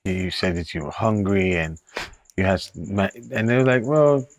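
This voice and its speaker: A man hosting a faith-based interview, affirming his guest and asking gently probing questions. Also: low voice, normal speed.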